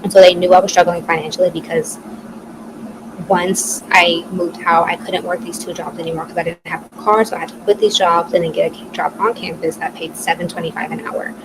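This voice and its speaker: Chatty low-voiced woman in her twenties. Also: level tone, brisk. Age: 20s. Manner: chatty, peppered with "like", swears freely. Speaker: podcast co-host. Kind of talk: casual storytelling chat. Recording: noisy background hiss.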